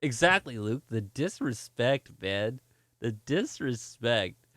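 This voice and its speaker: A man's voice: medium pitch, sing-song, slow, fairly bright tone, no echo. A man streaming games, chatting casually and telling a story with lots of laughter while answering viewer chat. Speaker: gaming streamer.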